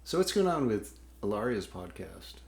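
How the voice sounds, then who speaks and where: A woman's voice: extremely low pitch, big pitch swings, vocal fry, darkish tone, roomy sound. A woman from Alabama with a Southern American accent, co-hosting a casual podcast and readily agreeing with her partner. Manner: agreeable, quick to affirm. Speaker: podcast co-host.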